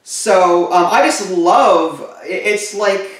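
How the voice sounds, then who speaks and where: A man's voice: high voice, slow, fairly bright tone. Man host talking casually with many "ums", recorded distant in an echoey room. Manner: rambling, many fillers and restarts. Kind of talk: casual chat. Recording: echoey room, mic far off.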